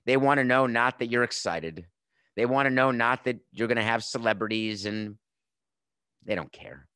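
A man's voice: on the low side, normal speed, sharp tone, no room sound. Guy in his 50s ranting about sports on his podcast, sarcastic and punchy, dry booth sound. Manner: emphatic, sarcastic, rhetorical questions. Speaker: podcast host. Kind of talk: opinionated sports commentary.

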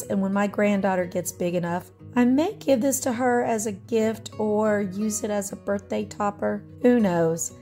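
A woman's voice: mid-range voice, warm tone. A middle-aged woman vlogger chatting about her thrift finds in a nostalgic, friendly way, laughing often. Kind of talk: casual show-and-tell narration.

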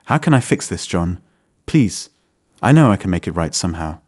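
A young wife caught in her lies, pleading and desperate, voiced by a man. The reading stays close to the narrator's own deep-ish voice, with only a hint of pleading in it. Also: very animated, moderate pace, darkish tone.

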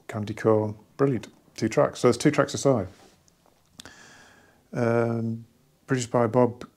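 A man casually talking through an album from his record collection, rambling and enthusiastic with many pauses and restarts. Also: fairly low pitch, gravelly, darkish tone. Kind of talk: casual hobby vlog.

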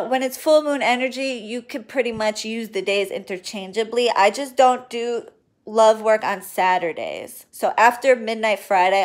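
A woman doing readings and spell work, chatting casually and affectionately to her viewers on a livestream, swearing now and then. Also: medium pitch. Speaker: spiritual reader and spell worker.

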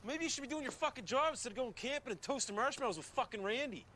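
A man's voice: very high-pitched, animated, fast, sharp tone, exaggerated voice. An actor playing a hot-headed, foul-mouthed trailer park man who fires off profane insults. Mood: angry. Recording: noisy TV episode audio.

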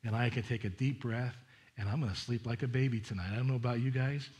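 A middle-aged man, a pastor preaching a sermon in a chatty, animated way with asides to the congregation. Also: mid-range voice, quick pace.

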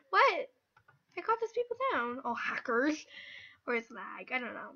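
A young woman giving chatty, excitable commentary while playing an online game, with sudden squeals and whispered asides. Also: high-pitched, moderate pace. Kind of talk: casual gameplay commentary. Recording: dull lo-fi mic.

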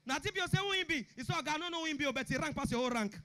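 A young man with a Nigerian Pidgin accent doing a stand-up comedy routine, shouting punchlines and acting out characters. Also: very high-pitched, racing. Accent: Nigerian Pidgin English.

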